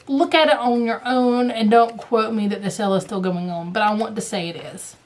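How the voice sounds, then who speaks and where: Chatty Southern woman showing threads. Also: on the high side. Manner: rambling, chatty, drifts to hushed murmurs while showing threads. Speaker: cross-stitch vlogger. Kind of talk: casual chat.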